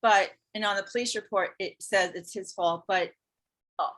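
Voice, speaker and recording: A woman who teaches yoga and spirituality, telling a personal story in casual conversation, earnest and animated. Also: medium pitch, normal speed. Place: Hawaii.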